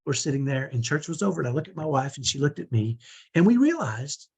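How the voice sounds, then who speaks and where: A middle-aged man with a fairly high, husky voice coaches parents through a relaxed lesson. He talks in an easy, conversational way and keeps tagging his points with a quick "right?" to check in with his listeners. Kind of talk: teaching talk to parents.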